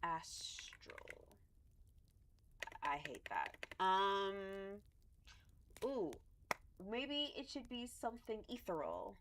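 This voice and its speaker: A woman's voice: medium pitch, very animated, takes it slowly, noisy background. A woman streaming a dating game, chatty and easily sidetracked, scolding her cat between comments. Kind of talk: casual gaming stream commentary.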